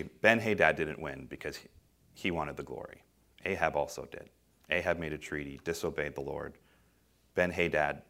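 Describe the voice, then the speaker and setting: A middle-aged man preaching a sermon, swinging between loud emphatic bursts and quiet, low phrases.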